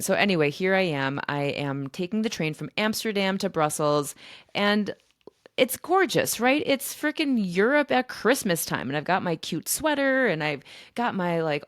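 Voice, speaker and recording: A woman podcast host telling a personal story in a chatty, animated way. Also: fairly low pitch, no room sound, clean studio sound. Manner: chatty and animated, with fillers and laughs. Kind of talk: casual storytelling monologue.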